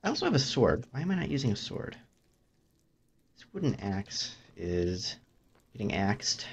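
A man's voice: big pitch swings, normal speed, pauses often. A young man commentating his own gameplay in a dry, rambling, self-mocking way. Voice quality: low gravelly voice. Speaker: gaming YouTuber. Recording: dull lo-fi mic.

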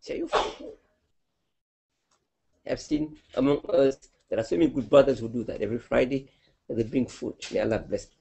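A man giving a sermon, telling a religious story in an animated, heartfelt way. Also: mid-range voice, quick pace, gravelly, a little hiss or hum. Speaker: preacher.

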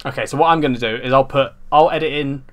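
A young man co-hosting a podcast, easygoing and calmly arguing back in casual chat. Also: mid-range voice, fast, faint music behind. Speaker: podcast co-host.

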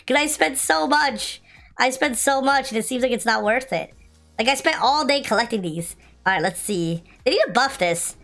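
A young adult woman hosts a gaming video, excitedly pleading for good loot, complaining, then shouting with joy. Her voice is high, her pace moderate, and light music plays behind her.

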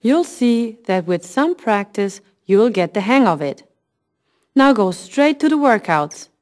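A woman teaches a language lesson in a measured, scripted voice. She speaks slowly and stretches out the example phrases so they are easy to follow. Her pitch moves around a lot as she gives her explanations. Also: sing-song, darkish tone. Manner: slow, clear, modelling phrases at half speed.

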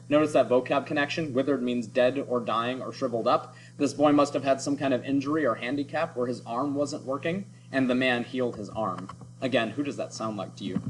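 A man's voice: medium pitch, fairly quick, a little hiss or hum, low-quality recording. Male teacher explaining a story. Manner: instructive, prompting listeners to think. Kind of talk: reading a story aloud and explaining it.

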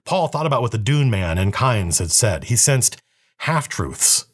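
A man reading a novel aloud with a steady, even storytelling manner. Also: mid-range voice, measured pace, slightly rough.

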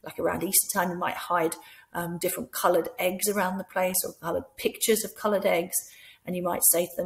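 A woman's voice: on the low side, level tone, fairly quick, creaky. Scottish woman explaining classroom ideas. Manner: demonstrates by speaking to imagined children in a bright teacher voice. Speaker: teacher trainer. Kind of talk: instructional talk with classroom role-play.

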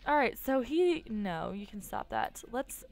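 A woman giving casual commentary while playing a life-simulation game, excitable and quick to gasp and squeal. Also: on the high side, vocal fry. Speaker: gaming YouTuber. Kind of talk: casual let's-play commentary.

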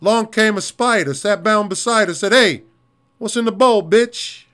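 Brash Brooklyn tough-guy comic, as a man puts him on, high voice, swaggering. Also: measured pace, fairly bright tone, a little hiss or hum.

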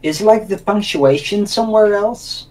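A man with a fairly high voice chats through a game stream in a playful, easygoing way, quick to laugh. He sits a little back from the mic, so his voice sounds distant in the room. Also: a little mellow. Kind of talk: casual gaming chat.

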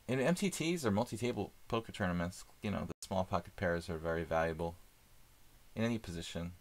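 A man streaming live chess, thinking aloud in casual commentary with many fillers and pauses. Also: sits low, lively intonation.

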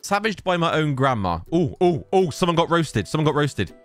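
Animated young man ranting. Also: fairly high pitch, normal speed. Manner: exclaiming, exasperated, reads posts aloud. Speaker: YouTuber reacting to social media posts. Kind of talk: casual reaction commentary.

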